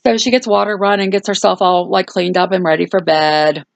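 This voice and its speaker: A woman's voice: lowish voice, steady tone, brisk, creaky, no echo. A woman hosting a casual movie review, rambling through a plot recap with lots of fillers. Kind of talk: casual chat.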